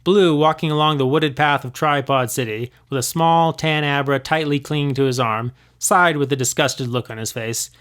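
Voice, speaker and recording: A man's voice: a little high, normal speed, hardly any pauses, a bit bright, clear, resonant tone. A man reading his own old fanfiction aloud, expressively, acting out the voices.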